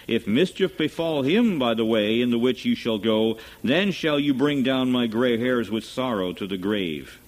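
A man's voice: medium pitch, animated, moderate pace, hardly any pauses, lightly acted. Grieving elderly father, firm refusal; man reading scripture. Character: grieving old father refusing his sons.

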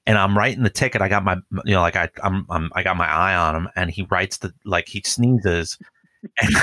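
A man's voice: sits low, fairly quick, sharp tone, no echo. A man who is a police officer, talking casually and profanely, rambling with lots of "like" and "dude.". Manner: rambling, profane, heavy use of filler "like". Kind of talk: casual podcast chat.

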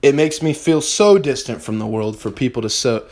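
A man's voice: medium pitch, moderate pace, darkish tone. Blunt, profane young man ranting. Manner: blunt, profane and fired-up, addressing listeners directly. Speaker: podcast host. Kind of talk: motivational monologue.

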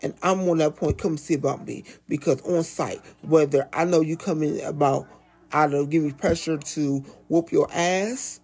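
A man with a slightly higher pitch and a mellow, gravelly tone talks in a loose, animated way. He is sassy and swears freely, stretching out words for emphasis. It is a relaxed podcast conversation. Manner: animated, swearing, sassy asides, drawn-out "baby". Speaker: puppeteer guest. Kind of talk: casual podcast chat.

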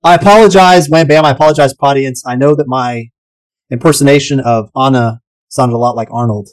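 A man co-hosting a casual podcast over whiskey, joking and swearing freely in animated chat. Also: medium pitch, brisk, dry recording, poor audio. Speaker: podcast co-host.

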